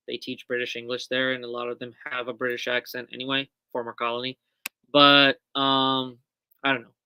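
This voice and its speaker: A woman's voice: very deep voice, sharp tone, clear, resonant tone. A woman hosting a casual live stream from a small shop, chatty and full of ums and self-corrections. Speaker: shop host on a livestream. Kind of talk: casual live product walkthrough.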